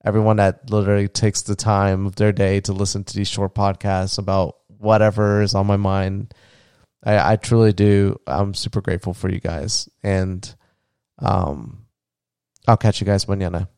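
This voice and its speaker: A man talks through his day on a casual solo podcast, with fillers and restarts and a lot of tenderness. His voice is low-pitched and gravelly yet smooth and resonant. The recording is dry and close, with no room sound. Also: little pitch movement, moderate pace, darkish tone, no room sound. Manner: rambling, heartfelt, gets emotional; many fillers and restarts, tender when talking about his child. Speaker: podcast host.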